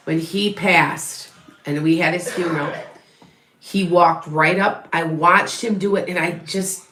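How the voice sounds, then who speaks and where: With a little hiss or hum and a roomy echo on the recording, a middle-aged woman gives psychic readings to viewers. Her voice is low-leaning and a bit bright, and her chatty delivery rambles, full of restarts and self-corrections.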